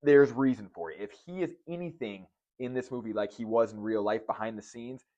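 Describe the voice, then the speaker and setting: A man's voice: medium pitch, brisk, dark tone. A man giving a casual, joking movie review, swearing freely as he talks. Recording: dull lo-fi recording.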